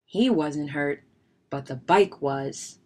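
A woman reading a children's picture book aloud in an expressive storytelling manner. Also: low voice, slow pace. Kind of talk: children's read-aloud narration.

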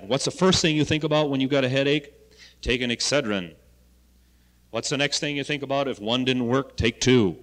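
A man who coordinates school health education, giving an animated lecture to students with loud points and quiet asides. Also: mid-range voice. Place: college lecture hall. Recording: archival 1970 lecture recording in a reverberant hall.

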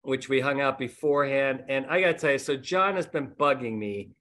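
A man's voice: mid-range voice, brisk, bright, forceful tone. A middle-aged man hosting a podcast, telling stories in casual, self-mocking chat. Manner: rambling storyteller, self-mocking. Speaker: podcast host.

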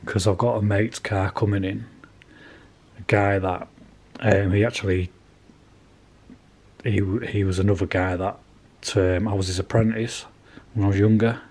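A man's voice: on the low side, fairly even intonation, unhurried, long pauses, darkish tone, husky. A man casually narrating his car restoration work in a garage workshop, plain-spoken and chatty with some swearing.

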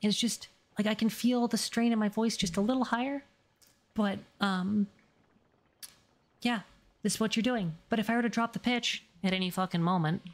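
At a moderate pace, a female streamer talks casually and rambles, using many fillers. She's showing off voice exercises that move from a low register to a higher one and back.

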